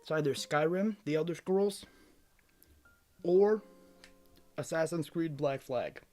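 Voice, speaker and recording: A man streaming a video game who chats casually and jokes with his chat in an animated, rambling way. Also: on the high side, slow pace, soft background music.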